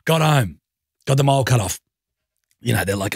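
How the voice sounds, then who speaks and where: A man's voice: medium pitch, lively intonation, fast, vocal fry, husky, no echo, clean studio sound. A man hosting a radio show, telling a funny story about home with self-mocking banter. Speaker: radio host. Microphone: studio mic.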